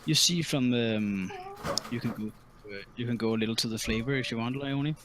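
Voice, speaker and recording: A man running a tabletop game as dungeon master, talking in a halting way with many ums and restarts. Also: mid-range voice, a bit bright. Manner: halting, full of ums and restarts, laughs easily.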